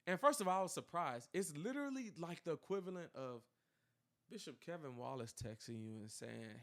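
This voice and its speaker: A young man telling a personal story in casual chat, animated and full of fillers, acting out quoted dialogue. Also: on the high side, a little fast. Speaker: podcast co-host telling his story.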